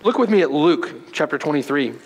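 A male pastor preaching a sermon, moving from loud, forceful emphasis to hushed, quiet passages. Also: expressive, fairly quick. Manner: dramatic preaching, swinging from loud emphasis to hushed low tones. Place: church sanctuary. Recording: long hall reverb.

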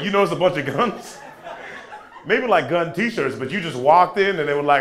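A young American man doing stand-up, doing animated, playful crowd work and talking back to the audience. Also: a little high, normal speed, noisy background. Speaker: stand-up comedian. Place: comedy club stage before a live audience. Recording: live club recording with audience laughter. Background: audience laughter.

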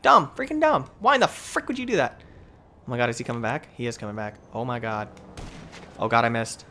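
Over slight background noise, a young man hosting a gaming channel gives excitable live commentary at a fairly quick clip in a medium-pitched voice. He alternates between muttering and yelling while trash-talking other players.

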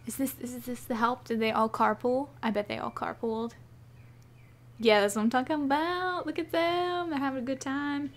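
Une jeune vidéaste au timbre haut perché qui commente son jeu sur un ton emballé. Elle s'exclame et s'attendrit sans cesse devant les animaux à l'écran. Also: female voice, high voice, steady tone, normal speed. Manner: gushing, squealing over cute animals. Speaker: gaming YouTuber. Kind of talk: excited gameplay commentary.

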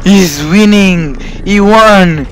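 A man voices a house owner in character over gameplay, his high-sitting voice moving very slowly. He breaks into frightened, excited exclamations, stammering and repeating words.

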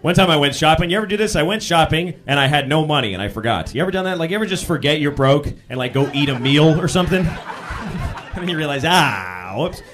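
A male comedian on a club stage, with a high, bright voice that swings widely as he tells stories. He breaks into loud yells for his punchlines. The live recording carries faint crowd laughter and some room noise. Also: fast talker. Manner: animated storytelling, bursts into loud yells for punchlines. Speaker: stand-up comedian. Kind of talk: stand-up set. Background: audience laughter.

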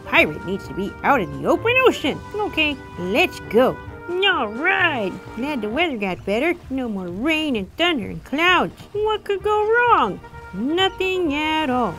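A woman voicing a cheerful young gummy gator pirate in a kids' pretend-play video, full of excited whoas and squeals. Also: sits high, a little slow, full character voice. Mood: relaxed. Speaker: show's title character. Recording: music playing behind.

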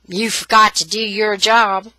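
Woman voicing a strict father, scolding, firm, bright, dry. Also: medium pitch, level tone, unhurried, no echo, low-quality recording. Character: stern father, gruff and bossy.

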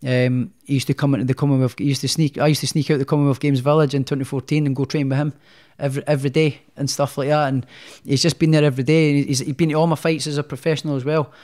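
A man's voice: mid-range voice, flat delivery, fast, few pauses, a little mellow. Chatty man telling stories. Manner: chatty, rambling, many restarts. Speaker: guest, professional boxer. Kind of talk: casual storytelling in a podcast interview.

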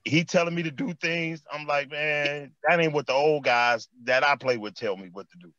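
The recording has no room sound and the highs are cut off. On it, a former basketball player from Chicago, by his accent, talks at normal speed in a slightly high voice, telling animated street stories in an interview, repeating phrases and saying "man" often.

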